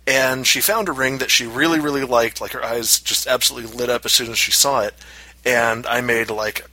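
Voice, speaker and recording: A man on a casual podcast, telling a long personal story with animated acted-out quotes. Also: a little fast, no room sound, rough recording. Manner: animated, acts out quotes in high voices. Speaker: podcast co-host.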